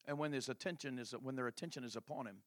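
A male preacher telling a story in a sermon, animated and colloquial. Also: medium pitch, quick pace, slight background noise.

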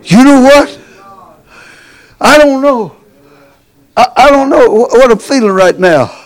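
A man preaching a fervent sermon as pastor, folksy and drawling, building up to shouts. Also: extremely high pitch, lively intonation, slow pace, rough recording.

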